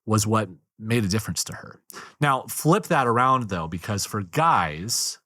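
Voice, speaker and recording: Brief: man on a podcast, low voice, dry close sound, animated storyteller. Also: unhurried, no room sound. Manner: animated storyteller, acts out quotes. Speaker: marriage guest speaker. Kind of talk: podcast conversation.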